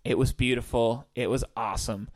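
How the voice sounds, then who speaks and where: Man, podcast co-host, casual chat, easygoing, thinking aloud, mid pitch. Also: steady tone, brisk.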